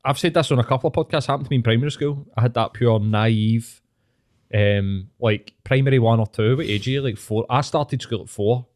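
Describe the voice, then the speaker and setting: Animated Scottish man telling stories. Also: mid-range voice, fairly quick. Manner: animated storytelling, swearing, laughing often. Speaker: podcast host. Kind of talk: casual chat.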